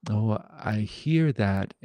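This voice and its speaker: A man leading a satsang, speaking in a reflective, gentle way with wandering pauses. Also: on the low side, lively intonation. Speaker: satsang teacher. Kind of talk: spiritual dialogue.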